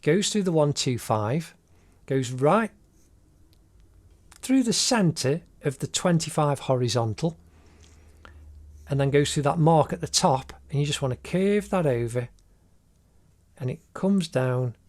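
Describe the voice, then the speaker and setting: Man, fairly high voice, encouraging art teacher, step-by-step tutorial voice-over. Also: expressive, a little slow, long pauses, darkish tone. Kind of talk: narrated drawing tutorial.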